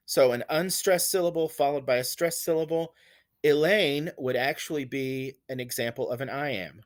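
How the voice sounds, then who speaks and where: A man teaching a lesson on poetry, explaining stress and rhythm patiently and repeating examples with exaggerated emphasis. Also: mid-range voice. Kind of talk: recorded lecture on poetry.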